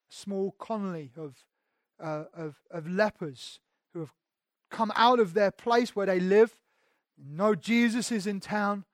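Here a pastor preaches with a fairly high-pitched voice, alternating between forceful, raised declarations and soft, close moments. Repetitions and restarts run through his speech. There's no room reverb; the sound is dry and near.

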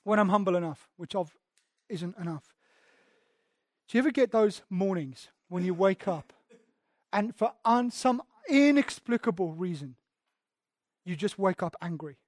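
A man's voice: high-pitched, animated, unhurried, pauses often, no echo, studio quality. A man preaching a sermon as pastor, candid and self-deprecating, often restarting his sentences.

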